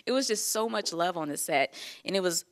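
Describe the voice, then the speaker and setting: A professional pole dancer being interviewed, chatting casually and candidly and laughing often. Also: female voice, on the low side, animated, a little fast.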